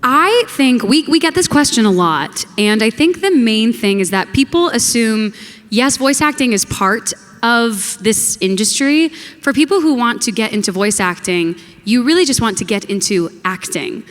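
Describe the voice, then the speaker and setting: A woman's voice: a little high, animated, normal speed. A woman on a convention panel, giving earnest, explanatory advice. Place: large convention hall. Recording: echoey convention hall.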